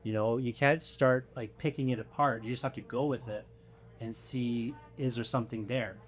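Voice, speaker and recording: A man's voice: mid-range voice, fairly even intonation, normal speed. A man speaking as a writer on a live convention panel, earnest and explanatory, restarting words as he thinks. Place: convention panel room before an audience.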